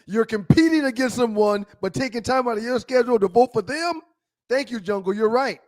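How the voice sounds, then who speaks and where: Man co-host, notably high voice, playful boastful banter on sports talk. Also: animated, fairly quick, a little mellow.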